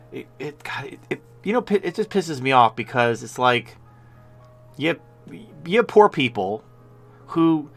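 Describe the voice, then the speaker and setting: A man hosting a casual live-stream talk show, speaking at a medium pitch. He talks bluntly and rambles, often breaking off and starting his sentences over. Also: fairly bright tone. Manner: rambling, blunt, with frequent restarts. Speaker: show host.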